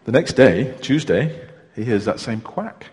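A man preaching a sermon in a church, telling stories in a chatty, unhurried way with small hesitations. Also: medium pitch, expressive, a little mellow, breathy edge. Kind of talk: sermon with a joke. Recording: long reverb of a church hall.

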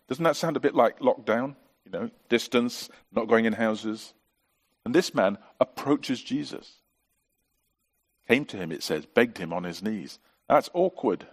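A middle-aged man preaching a sermon as pastor, earnest and full of rhetorical questions. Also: medium pitch.

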